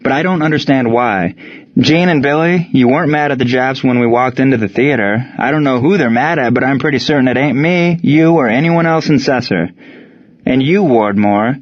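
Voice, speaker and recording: A man's voice: medium pitch, brisk, no echo, dull audio, voice pushed up, lightly acted. A man voicing a young woman, earnest and spirited, who pleads with and scolds her friends. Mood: worried.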